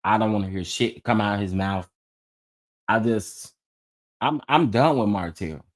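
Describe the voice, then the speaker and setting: A man's voice: lowish voice, measured pace. A man hosting a casual gossip chat, telling stories to his viewers with lots of laughing and exclaiming. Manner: animated storytelling, laughing and exclaiming. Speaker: host of a gossip chat show.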